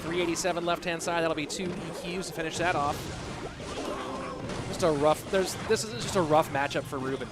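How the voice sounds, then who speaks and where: A man casting an online game tournament live, calling plays in a chatty, excitable way and thanking viewers from the chat by name. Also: a little high, fairly quick. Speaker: esports caster and streamer. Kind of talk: live game commentary mixed with chat reading. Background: background music.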